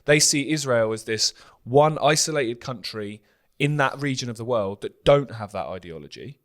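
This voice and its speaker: A man's voice: medium pitch, lively intonation, moderate pace. A man co-hosting a news commentary show, talking earnestly in long run-on points.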